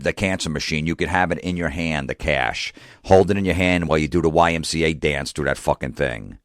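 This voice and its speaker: A man's voice: rumbling low, no echo, clean studio sound. A male comedian delivering a profane, exasperated rant full of rhetorical questions. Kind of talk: profane ranting monologue.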